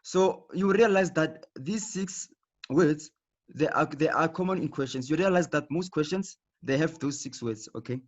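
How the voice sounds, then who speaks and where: At a moderate pace and a slightly high pitch, a man conducts a live class over video call, explaining with patience and repeating his points. He often asks "okay", and the online recording sounds dull and lo-fi.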